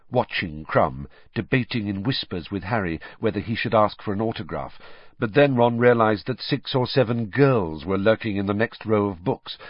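Husky man reading a storybook. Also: lowish voice, dry recording. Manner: expressive storytelling. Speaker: audiobook narrator. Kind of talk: scripted narration. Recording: dull, dry audiobook recording.

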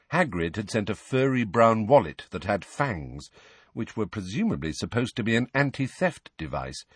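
A man narrating a fantasy audiobook in a low, husky voice. His reading rises and falls expressively, close to the mic in a dry space. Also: no echo.

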